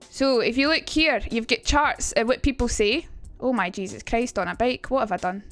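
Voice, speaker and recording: A young woman talks through a casual livestream lesson, quick to poke fun at herself and swear. Her voice sits high, and soft music plays faintly behind her. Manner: chatty and self-mocking, swears freely. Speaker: streamer teaching accents.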